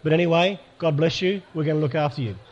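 A man's voice: fairly high pitch, fast talker, lo-fi sound. A man leading a live church workshop, speaking directly to the crowd and asking people to raise their hands. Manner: pastoral and direct, asks audience for hands up. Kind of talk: live workshop talk to an audience.

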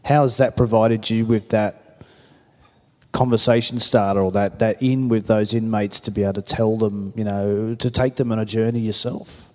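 A man's voice: fairly low pitch, fairly even intonation, moderate pace, a little mellow. A male interviewer asking long, thoughtful questions, rephrasing as he goes. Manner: thoughtful, rambling, rephrases as he asks. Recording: long hall reverb.

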